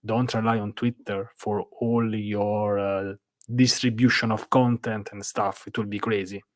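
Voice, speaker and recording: A man with an Italian accent chats casually on a live stream from a hotel room, rambling through viewer questions with lots of "uh"s. His lowish voice is level and a little slow, and the recording is dry.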